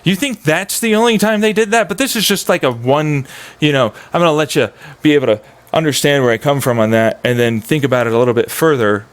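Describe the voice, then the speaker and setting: A fairly high-voiced man streams a loose, swearing rant. He rambles from point to point and keeps breaking into mocking voices. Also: quick pace, clean tone. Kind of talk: casual ranting monologue.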